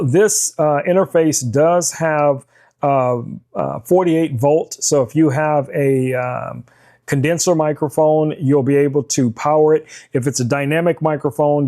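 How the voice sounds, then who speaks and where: A man hosting a casual product demo from his studio, talking in a relaxed way with frequent fillers. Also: medium pitch. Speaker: tech reviewer host. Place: home studio.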